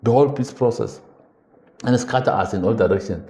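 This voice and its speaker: An older man telling stories from his political past in an earnest, measured way, slowing down for emphasis. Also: mid-range voice, dark tone, reverberant. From South Africa. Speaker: interview guest, veteran politician. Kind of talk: reflective storytelling in a podcast interview.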